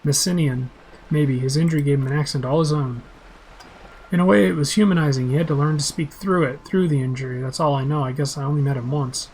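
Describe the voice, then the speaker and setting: A man voicing a composed, well-informed middle-aged woman negotiator, in measured, guarded speech. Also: a little high, steady tone, a little mellow, slight background noise, lightly acted, low-quality recording.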